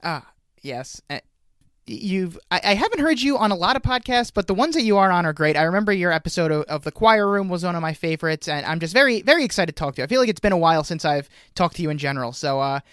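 A man hosting a casual podcast, talking in a halting way with many fillers and restarts. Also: sits high, lively intonation, fairly bright tone, clean tone, no room sound, studio quality. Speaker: podcast host.

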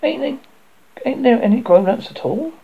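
A man voicing a plump, asthmatic schoolboy who is anxious and eager to please, with a raised boyish pitch and plain working-class speech, in a storybook reading. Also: expressive, moderate pace, gravelly, husky, full character voice. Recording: dull lo-fi recording.

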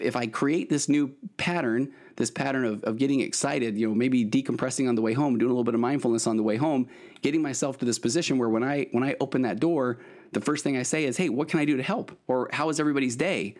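A man's voice: mid-range voice, fast talker, darkish tone. Earnest middle-aged man hosting a podcast. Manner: earnest, rambling with many restarts and fillers. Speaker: podcast host, therapist. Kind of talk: solo podcast monologue, advice.

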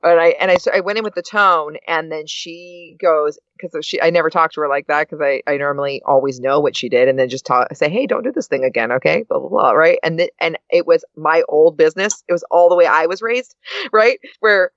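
A middle-aged woman chatting casually, telling a lively story and acting out quoted voices. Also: a little fast, no echo, lo-fi sound. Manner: animated storyteller, acts out quoted lines with big pitch jumps. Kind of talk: casual chat.

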